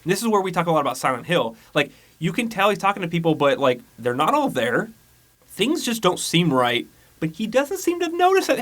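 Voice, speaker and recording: A man's voice: sits high, very animated, quick pace, a bit bright. Podcast co-host, man, loose rambling recap, slips into character voices. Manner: rambling storyteller, acts out characters' lines. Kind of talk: casual movie recap chat.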